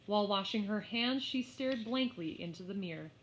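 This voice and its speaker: In a slightly muffled, lo-fi recording, a woman with a mid-range voice reads a children's story aloud, taking her time and narrating expressively.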